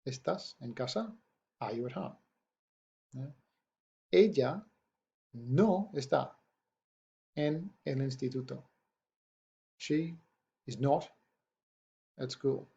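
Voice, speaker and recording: A man with a gravelly, slightly husky voice talks through a language lesson. He is patient and keeps checking in with his listeners. The audio is dull and lo-fi. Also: medium pitch, a little mellow. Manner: patient, checks in with rhetorical "yeah?". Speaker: Spanish teacher. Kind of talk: recorded lesson explanation.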